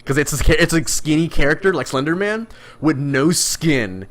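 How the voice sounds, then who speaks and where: A man's voice: on the high side, moderate pace. A man co-hosting a casual podcast, telling stories and acting out quoted lines with bursts of laughter. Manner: animated storyteller, acts out quotes, laughs a lot. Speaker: podcast co-host. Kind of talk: casual chat.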